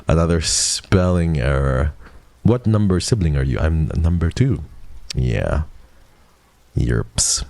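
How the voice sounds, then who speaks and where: A young man in his twenties chats casually with his stream audience. His voice sits very low, and the recording is dry with no room sound. He teases his viewers in playful mock outrage. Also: expressive, slow, creaky, pauses often, darkish tone, dry recording. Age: 20s.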